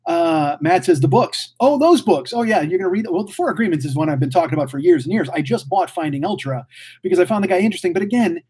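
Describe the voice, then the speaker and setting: A man's voice: high voice, lively intonation, quick pace, darkish tone, breathy edge. A man in his forties hosting a casual livestream, reading chat and rambling profanely like a mouthy motor mouth. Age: 40s. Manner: mouthy, blurts without thinking. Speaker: podcast host reading live chat.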